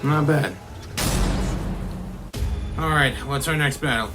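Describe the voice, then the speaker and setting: A man's voice: a little high, takes it slowly, music in the background. A man hosting a casual reaction video, talking loosely with many restarts and fillers.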